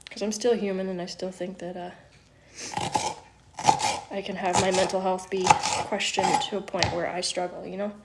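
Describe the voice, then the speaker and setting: With heavy background noise, a woman with a lowish voice hosts a casual cooking livestream from her home kitchen. Her delivery is flat and normally paced with frequent pauses; she laughs a lot, swears occasionally, and is teary from onions.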